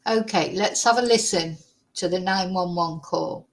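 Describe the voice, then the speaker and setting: A woman's voice: fairly low pitch, a little slow. A woman hosting a casual livestream. She rambles chattily and thanks viewers as she goes. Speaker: livestream host.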